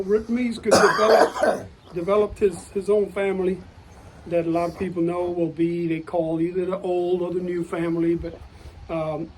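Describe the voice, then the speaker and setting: A man interviewing with a hesitant, halting manner and many short acknowledgements. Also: high voice, a little mellow, a little hiss or hum, rough recording. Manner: hesitant, lots of short backchannels. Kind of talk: casual interview.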